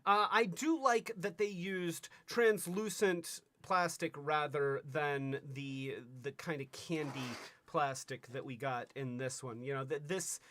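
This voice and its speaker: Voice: medium pitch, slow, hardly any pauses, a bit bright. A livestream host casually reviewing toys, rambling with stammering restarts and playful asides. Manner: bursts into silly sing-song jingles.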